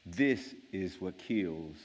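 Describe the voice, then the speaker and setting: Slow-speaking pastor in a reverberant hall. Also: male voice, deep voice, animated. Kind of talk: sermon.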